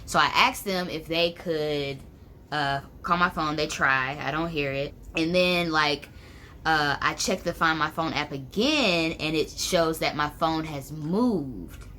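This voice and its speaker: Low-voiced chatty young woman. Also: slow, pushed and bright, slight background noise. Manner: chatty, many fillers like "like" and "um". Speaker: vlogger telling a story. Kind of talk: casual storytelling.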